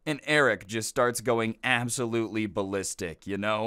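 A man's voice: on the low side, normal speed, few pauses, sharp tone, smooth, no room sound, studio quality. A man narrating a storytime video in a chatty, casual way with slangy asides.

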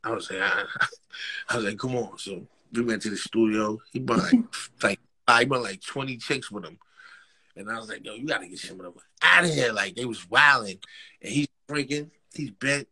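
A man with a New York accent tells stories in a casual interview, slangy and animated. His voice is husky but bright and forward. His pitch leaps up and down as he acts out what people said. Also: normal speed. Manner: animated street slang, acts out quotes, frequent laughs. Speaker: rapper, interview guest.

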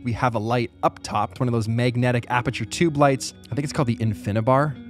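A man giving a casual tour of his video studio gear on a boom mic, joking with animated asides. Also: fast talker, soft background music. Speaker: YouTube creator.

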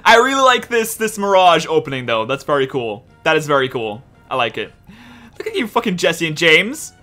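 A high-voiced man talks over his gameplay in a bright, tense tone, and his pitch swings widely. He is excitable and exasperated and swears freely. Faint music plays behind him. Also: moderate pace. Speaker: let's play host. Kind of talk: gameplay commentary.

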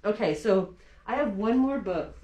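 A woman working as a children's librarian, reading a picture book aloud to children with animated delivery and frequent laughs. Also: medium pitch, unhurried, breathy edge.

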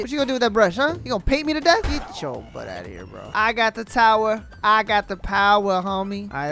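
A young man giving slangy, excitable, trash-talking commentary while playing a video game. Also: high voice. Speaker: gaming YouTuber. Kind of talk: gameplay commentary. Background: game music.

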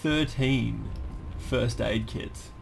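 A man chatting excitedly with his squad over voice chat while gaming, often laughing. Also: mid-range voice, extremely slow, creaky, a little hiss or hum. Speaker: gamer streaming with his squad. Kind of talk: casual gaming banter.

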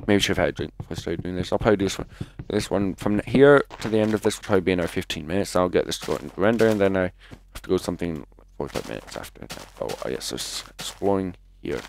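A man with a somewhat low voice talks through a video game live in an offhand, rambling way. He chats to his viewers between moves and lets out quick, jumpy exclamations when something startles him. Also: animated, vocal fry, slight background noise. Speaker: gaming commentator. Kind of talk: live let's-play commentary.

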